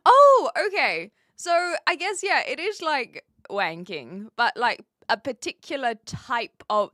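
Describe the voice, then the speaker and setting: A woman's voice: fairly high pitch, pushed and bright, dry recording, studio quality. A woman chatting casually on a live stream from an attic with brick walls, giggly and talkative as she reads chat aloud.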